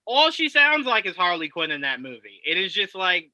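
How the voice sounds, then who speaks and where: A man's voice: high voice, big pitch swings, moderate pace, pushed and bright, no echo, poor audio. A man on a podcast panel in casual chat, opinionated and emphatic.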